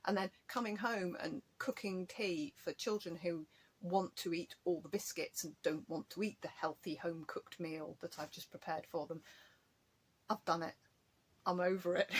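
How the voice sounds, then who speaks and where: Woman, 40s, casual chatty vlog, rambling, self-deprecating, lowish voice. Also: breathy edge. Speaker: craft vlogger. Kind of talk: casual chat. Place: at home.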